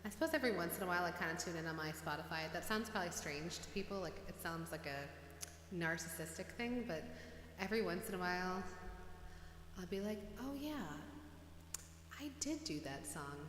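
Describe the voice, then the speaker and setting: A woman's voice: on the low side, fast, a bit bright, roomy sound, in a large hall, slight background noise. A woman musician hosting a livestream, chatting casually and rambling in a self-deprecating way between songs.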